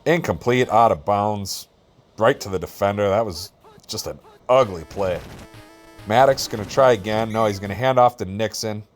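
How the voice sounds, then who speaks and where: A man doing relaxed, jokey play-by-play commentary over a video football game, with self-deprecating asides. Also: on the low side, moderate pace, soft background music.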